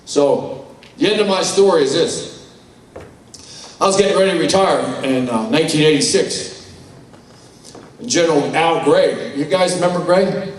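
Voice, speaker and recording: Heard from a distance in a big, roomy conference hall, an older speaker with a fairly high-pitched voice shares personal anecdotes. His talk is plainspoken, salty and folksy.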